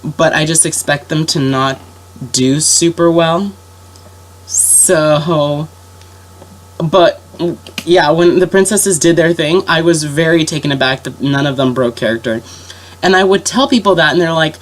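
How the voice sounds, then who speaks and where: A woman's voice: low voice, measured pace. A young woman with a sick voice telling a story in a rambling, casual way, full of fillers and restarts. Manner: rambling, lots of fillers and self-corrections. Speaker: vlogger.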